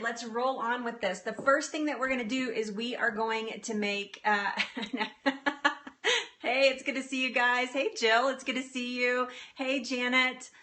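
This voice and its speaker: A woman's voice: on the high side, sharp tone. A woman hosting a casual live baking demonstration from her small home kitchen. She is bubbly and chatty, laughs often, greets viewers as they join, and keeps stopping to correct herself. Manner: flustered, with frequent restarts and self-corrections. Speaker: host of a live baking demo.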